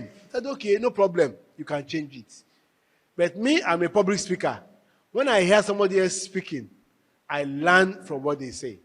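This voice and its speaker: A man's voice: sits high, animated, brisk, a bit bright. A man giving a marriage workshop talk, telling stories and acting out both spouses. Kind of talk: lively workshop talk with acted anecdotes. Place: workshop hall.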